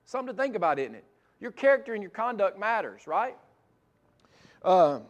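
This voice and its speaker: A middle-aged male pastor preaching a sermon, moving from loud emphatic passages to soft, intimate ones. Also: high-pitched, very animated, normal speed, pauses often.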